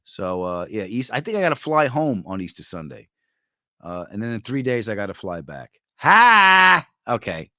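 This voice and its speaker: Lively New York comedian, dry close mic. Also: male voice, brisk, no echo. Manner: jokey, animated storyteller with sudden high bursts. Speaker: comedian hosting a live chat. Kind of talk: casual chat answering viewer comments.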